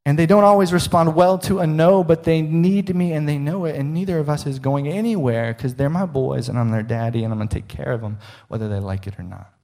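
A man preaching a sermon as a pastor, earnest, often dropping soft and low to stress a point. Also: brisk, gravelly, hardly any pauses.

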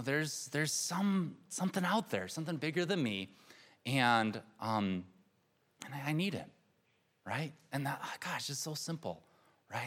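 A man in his thirties preaching a sermon in an earnest, reflective way, often repeating words and laughing softly. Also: a little high. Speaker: pastor.

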